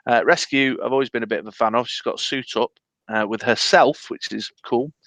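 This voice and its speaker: A man's voice: medium pitch, brisk, fairly bright tone, dry recording. A man co-hosting a casual live stream, rambling and hesitant with lots of fillers. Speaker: podcast co-host. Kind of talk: casual live-stream chat about a dice game.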